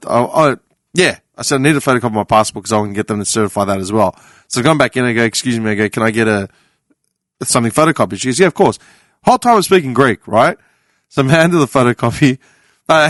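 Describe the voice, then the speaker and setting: The clip features an Australian man telling a story on a podcast panel in a loose, lively way, voicing the people involved, with casual swearing and frequent laughs. The studio-quality recording has no room sound, and his voice sits in the mid-range.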